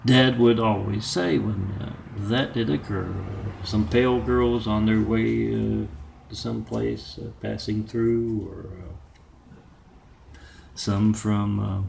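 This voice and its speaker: A low-pitched man with a gravelly, creaky voice talks very slowly. He rambles through a self-made monologue, halting often and filling his pauses as he goes. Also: fairly even intonation, a little mellow, a little hiss or hum. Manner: halting, meandering, with many filler pauses.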